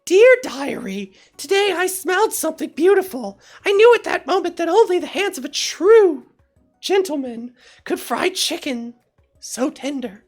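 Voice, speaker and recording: A woman's voice: extremely high pitch, big pitch swings, a little slow, faint music behind, pitched above the performer's own voice, exaggerated voice. A woman voicing a bubbly young female student who gushes in a sing-song way. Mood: dreamy.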